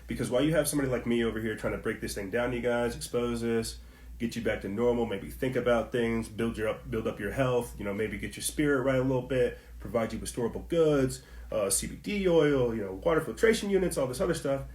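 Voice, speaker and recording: A man delivers a heated commentary monologue on his podcast, preachy and repetitive, talking straight at his listeners. His voice sits at an ordinary middle pitch. The room around him is echoey. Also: fast talker, darkish tone. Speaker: podcast host.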